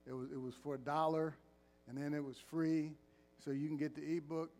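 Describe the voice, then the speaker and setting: A man's voice: a little high, little pitch movement, normal speed, a little mellow. A man preaching as pastor in a church, calling for responses and joking with the congregation. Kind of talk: sermon with announcements.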